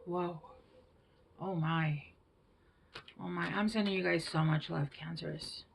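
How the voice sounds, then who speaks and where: Slow gravelly-voiced woman reading tarot. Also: fairly low pitch, steady tone, a little hiss or hum, rough recording. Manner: slow, gentle and reassuring, with hushed whispered asides. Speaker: tarot reader.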